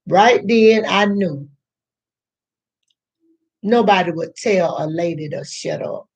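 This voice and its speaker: A husky, mid-range, darkish voice belongs to an older woman recounting something from her own life to camera. Her storytelling is slow and meandering, full of repetition, with quoted voices acted out.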